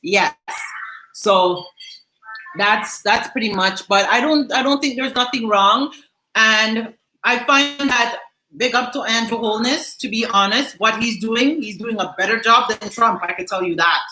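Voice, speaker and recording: Jamaican woman vlog host, bright voice, chatty, echoey room. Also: on the high side, unhurried. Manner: chatty and laughing, patois phrases. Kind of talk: casual chat reading viewer comments.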